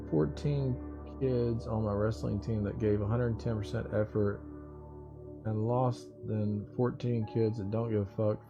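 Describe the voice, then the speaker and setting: A man hosts a casual morning livestream, rambling, joking and swearing while teasing his viewers. His voice is fairly low and mellow, with faint music in the background.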